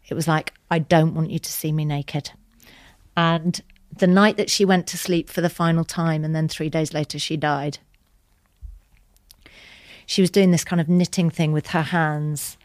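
A woman with a low voice tells a tender, candid story as an interview guest. She is chatty and acts out quoted lines, sometimes dropping into whispers. The recording is close and dry. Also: no room sound. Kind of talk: emotional personal storytelling.

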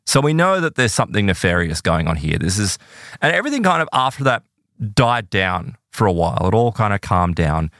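A man of middle pitch tells a spooky story on a podcast with a lively, swooping voice. He is casual and dramatic, full of "kind of" and "like" as he builds suspense. The recording is dry and close, with no room sound. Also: fairly quick, no room sound. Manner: animated, dramatic retelling with fillers.

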